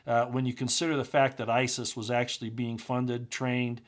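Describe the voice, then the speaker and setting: A man's voice: level tone, moderate pace. A man hosting his own channel, delivering an impassioned political monologue that builds from subdued to heated, full of rhetorical questions. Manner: starts low and subdued, grows loud and agitated, rhetorical questions. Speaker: commentary channel host.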